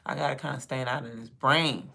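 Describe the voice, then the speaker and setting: A woman's voice: a bass voice, fairly even intonation, brisk, vocal fry, fairly bright tone. A mother talking casually to her livestream, profane and playful, laughing often.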